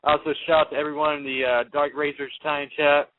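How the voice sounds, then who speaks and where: A man's voice: fairly high pitch, flat delivery, quick pace, slight background noise. A man calling into a talk radio show, speaking casually and loosely, with lots of filler words. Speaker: caller. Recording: dry phone line.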